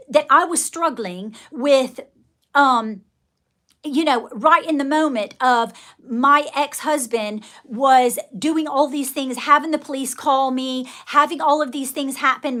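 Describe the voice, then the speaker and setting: A woman's voice: fairly high pitch, a bit bright. A middle-aged woman giving candid, emphatic advice on a live stream, calling viewers darling. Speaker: live-stream life coach answering viewers.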